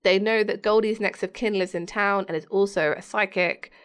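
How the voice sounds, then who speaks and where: A woman's voice: medium pitch, steady tone, normal speed, fairly bright tone, clean tone. A woman co-hosting a podcast, chatting casually as she recaps a TV episode, laughing often and acting out quotes from it. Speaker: podcast co-host.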